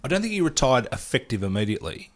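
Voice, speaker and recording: An Australian man co-hosting a casual sports podcast, given to lively, incredulous outbursts. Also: medium pitch, fast, a crowd in the background. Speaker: podcast co-host.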